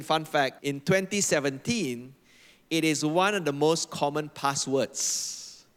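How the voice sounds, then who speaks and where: A man's voice: on the high side, fairly bright tone. A man preaching a sermon as a pastor, emphatic and repeating phrases for effect, leading the congregation in reading aloud together. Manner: leads the congregation in call-and-response reading. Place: church hall. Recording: long hall reverb.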